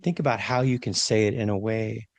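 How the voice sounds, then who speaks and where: A man co-hosting a podcast, talking through leadership ideas in a reflective, animated way and often checking in with "right?". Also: lowish voice, fairly quick, no echo. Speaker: podcast co-host, leadership trainer. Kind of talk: casual conversational podcast talk.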